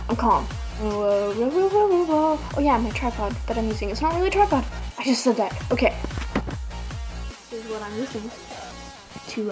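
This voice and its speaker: A woman's voice: a little high, darkish tone, low-quality recording. A woman vlogging casually, rambling in a giddy, scattered way. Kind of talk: casual rambling vlog talk. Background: song playing in the background.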